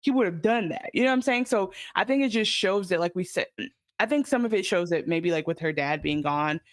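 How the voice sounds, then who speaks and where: Una mujer que co-presenta un pódcast, comentando un episodio en charla informal y animada, con muchas muletillas y palabrotas. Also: female voice, fairly low pitch, fairly quick, no room sound, studio quality. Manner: animated, many fillers, swearing. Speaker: podcast co-host. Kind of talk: casual recap chat.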